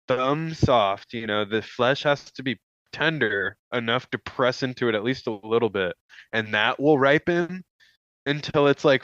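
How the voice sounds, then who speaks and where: A man's voice: medium pitch, fairly bright tone, clean tone, no echo. A man co-hosting a podcast in casual chat, laid-back and enthusiastic, full of "dude" and "like". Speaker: podcast co-host. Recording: slightly dull, dry lo-fi sound.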